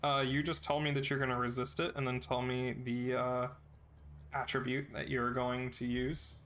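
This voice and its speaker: A man narrating a tabletop game as game master in a relaxed, steady way with frequent fillers. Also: mid-range voice, normal speed, roomy sound, slight background noise.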